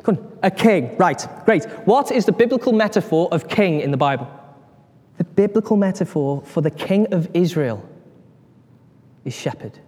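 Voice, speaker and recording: A man's voice: high voice, normal speed. Preaching man in a reverberant hall. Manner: animated storytelling, acts out voices, asks the congregation questions. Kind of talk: sermon.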